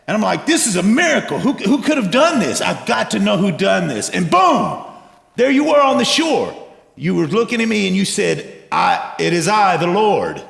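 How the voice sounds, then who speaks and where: A man acting out an excitable, stammering fisherman disciple in a church stage skit. His voice sits high and swings widely, with a gravelly fry underneath. A long, roomy reverb from the church hall surrounds it. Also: moderate pace, heavily acted. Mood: excited.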